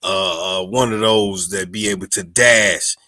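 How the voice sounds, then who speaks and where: A man's voice: low-pitched, fairly even intonation, measured pace, bright, forceful tone, no echo, clean studio sound. A man co-hosting a podcast in casual commentary, emphatic and repeating himself to drive points home. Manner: emphatic, repeats "you understand me". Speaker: podcast co-host.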